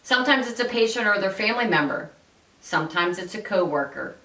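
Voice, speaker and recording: A woman's voice: mid-range voice, expressive, fairly quick, bright, forceful tone, distant mic. A woman hosting an instructional talk, coaching listeners directly and giving them example phrases to say. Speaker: host and workplace-civility coach. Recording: echoey room, voice a bit off-mic.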